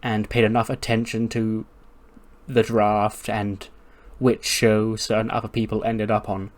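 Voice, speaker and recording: A man's voice: on the low side, little pitch movement, measured pace. A man narrating a wrestling game casually, swearing and chuckling as he books matches. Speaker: gaming YouTuber. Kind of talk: casual let's-play narration.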